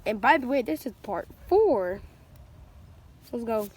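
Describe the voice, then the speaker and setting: A woman hosting and narrating an adventure with toys, excited and playfully bossy. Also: a little high, measured pace, husky. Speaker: host. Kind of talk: toy play storytelling.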